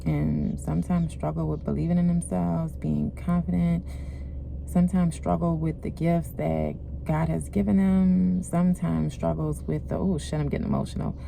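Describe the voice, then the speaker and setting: A woman's voice: deep voice, little pitch movement, normal speed, gravelly, warm tone, a little hiss or hum. A young adult woman, a spiritual well-being guide, speaking in a candid, emphatic, casual motivational talk with slang and swearing.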